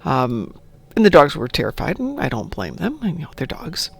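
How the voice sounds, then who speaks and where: A chatty woman streamer telling stories while she plays. Her voice is gravelly with plenty of fry, and it swings up and down lively. She cheers at the game between tales. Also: deep voice, moderate pace. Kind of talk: casual chat while gaming.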